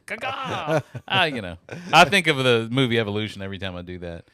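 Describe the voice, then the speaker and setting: A middle-aged man co-hosting a podcast in casual chat, joking around and breaking into loud bird-call impressions. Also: lowish voice, expressive, quick pace, smooth, no room sound. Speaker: podcast co-host.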